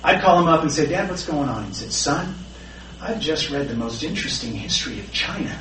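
A man's voice: on the high side, expressive, fairly quick, fairly bright tone, a little hiss or hum. Self-deprecating storyteller, middle-aged man, recorded from afar with faint room ambience. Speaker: recovery meeting speaker. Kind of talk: personal recovery share. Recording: roomy, distant, faint background ambience.

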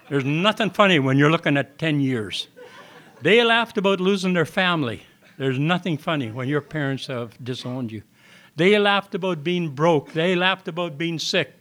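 A man's voice: fairly high pitch, fairly bright tone. An older man telling a personal testimony to an audience in a meeting hall, with plain folksy storytelling and acted-out dialogue. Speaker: recovery meeting speaker.

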